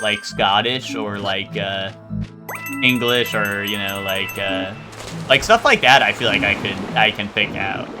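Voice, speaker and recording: Rambling young man streaming with game music. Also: lowish voice. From New Jersey. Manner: rambling, hesitant, many fillers and restarts. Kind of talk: casual live-stream chat over gameplay.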